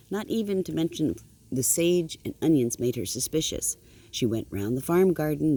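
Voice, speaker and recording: An older woman, a grandmother, reading a picture book aloud to her grandchildren, gently pausing to point out the pictures and explain the story. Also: deep voice, breathy edge.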